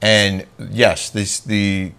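A man's voice: on the low side, little pitch movement, extremely slow, fairly bright tone, smooth. A man hosting a casual talk show, recapping episodes and teasing his co-host, laughing easily. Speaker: podcast host. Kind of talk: casual chat.

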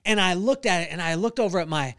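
Animated high-voiced man telling a story. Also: fast talker. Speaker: podcast host. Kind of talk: storytelling devotional talk.

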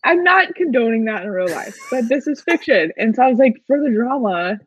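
On a podcast, a co-host with a slightly rough voice on the high side chats enthusiastically through a casual fan recap. She stays animated, with quick asides and laughs, in a dry, dull lo-fi recording.

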